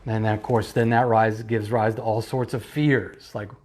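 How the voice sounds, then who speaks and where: A man's voice: lowish voice, flat delivery, moderate pace, darkish tone. A man, a pastor, preaching an online sermon with emphatic repetition and rhetorical questions. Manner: emphatic, repeating key phrases, rhetorical questions. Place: church, streamed online.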